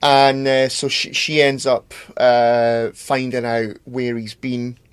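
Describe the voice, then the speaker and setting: A man's voice: medium pitch, level tone, takes it slowly, clear, resonant tone, dry recording. A man co-hosting a podcast in casual chat, rambling with many fillers and plenty of swearing. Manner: rambling, hesitant, swears freely. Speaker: podcast co-host.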